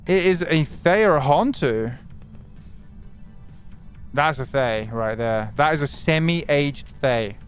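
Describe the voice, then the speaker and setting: A man's voice: a little high, expressive, slow pace, long pauses, faint music behind. A man streaming a game live, commenting animatedly, swearing and greeting his chat.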